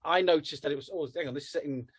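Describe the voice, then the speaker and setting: A man's voice: fairly high pitch, very fast, slightly rough. A man with a southern English accent, co-hosting a podcast in enthusiastic, chatty talk. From south of England. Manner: enthusiastic, chatty, laughs often. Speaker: podcast co-host. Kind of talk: casual podcast chat.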